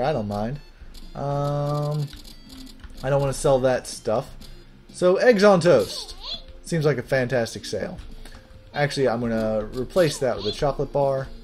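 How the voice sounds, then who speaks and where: A man's voice: mid-range voice, darkish tone. A man giving casual, chatty gameplay commentary as host, with jokey asides. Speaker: let's play host.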